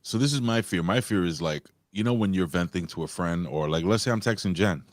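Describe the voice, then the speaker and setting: A man co-hosting a podcast, laid-back and swearing casually in relaxed chat. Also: low voice, a little fast, dry recording, studio quality. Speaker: podcast co-host.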